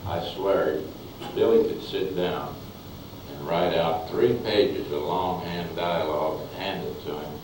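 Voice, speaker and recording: Slow, deep-voiced man, echoey room. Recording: echoey room, far mic, background noise.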